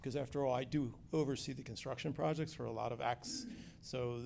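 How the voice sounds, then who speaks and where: Joking gravelly-voiced construction director. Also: male voice, mid-range voice, steady tone, brisk, a little mellow, slight background noise. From Philadelphia area. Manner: joking, chatty with restarts. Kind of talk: informal community update.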